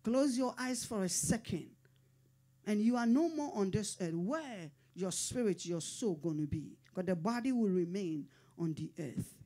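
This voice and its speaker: A woman's voice: medium pitch, animated, measured pace, dark tone. A middle-aged woman pastor preaching a sermon in short, fervent, repeated declarations.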